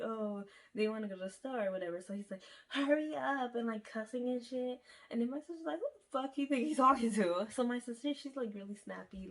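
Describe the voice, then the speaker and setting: A young woman casually telling a storytime to her viewers, chatty and profane, often calling them y'all. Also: mid-range voice.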